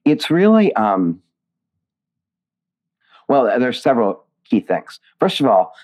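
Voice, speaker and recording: A man's voice: mid-range voice, sing-song, slow, darkish tone. A man being interviewed about his writing, talking in a reflective, digressive way with many restarts. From Indiana, USA. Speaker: playwright and author being interviewed. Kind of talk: casual interview conversation.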